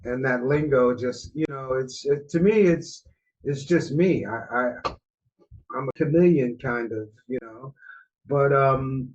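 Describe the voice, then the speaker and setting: A man's voice: medium pitch, unhurried, darkish tone. A man from New Jersey co-hosting a podcast, telling stories in a loose, slangy way. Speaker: co-host. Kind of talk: casual podcast chat. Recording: muffled, lo-fi audio.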